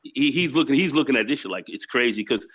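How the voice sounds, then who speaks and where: A man hosting a casual group chat, animated, repeating his words and swearing freely. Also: medium pitch, fast talker.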